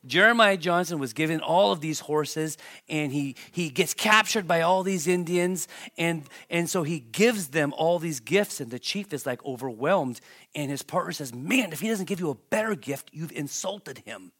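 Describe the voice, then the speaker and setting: A male pastor delivering a sermon in a church, his voice sitting a little high for a man. He talks to the congregation conversationally, then lifts into emphatic, animated stretches. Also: moderate pace. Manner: conversational preaching, rising to emphatic, animated asides.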